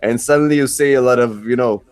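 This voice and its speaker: A man's voice: mid-range voice, a little mellow, smooth. Israeli-accented man rambling in a group call. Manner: rambling, halting with many restarts. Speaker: host. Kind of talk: casual group chat.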